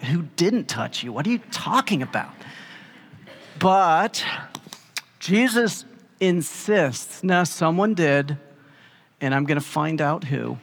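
A man preaching in a relaxed, conversational way, telling stories and acting out quotes. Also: fairly high pitch, in a large hall. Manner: casual and animated, acting out quotes in plain speech. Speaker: pastor. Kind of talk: conversational sermon with storytelling.

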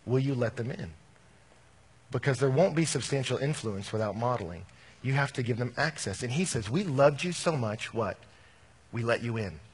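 Husky guy preaching, tells stories, gets loud then goes real quiet. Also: medium pitch. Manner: storytelling, swings from animated to quiet and intimate. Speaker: pastor. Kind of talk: sermon.

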